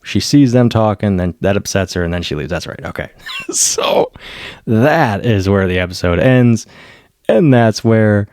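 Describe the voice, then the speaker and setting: Male reviewer, low fry-heavy voice, excitable chatty recap, dry room. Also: normal speed, dry recording. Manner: excitable, laughs often, acts out quotes. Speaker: TV episode reviewer. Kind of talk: casual recap.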